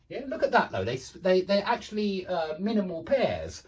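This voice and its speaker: A man teaching English pronunciation in an online lesson, a native speaker who drills words slowly and repeats them for practice. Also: high-pitched, huge pitch swings, a little mellow.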